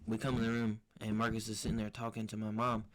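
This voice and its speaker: A man's voice: on the low side, monotone, quick pace. A young man co-hosting a podcast and telling a story in a slangy, profane, rambling way. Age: young adult. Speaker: podcast co-host. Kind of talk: casual storytelling chat.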